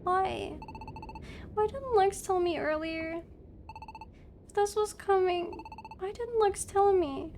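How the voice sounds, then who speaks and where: A woman's voice: very high-pitched, slow, long pauses, darkish tone, slight background noise, voice pushed up, full character voice. A woman reading game dialogue aloud, voicing a young, loyal partner creature who pleads in distress. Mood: grieving. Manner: pleading, upset questioning.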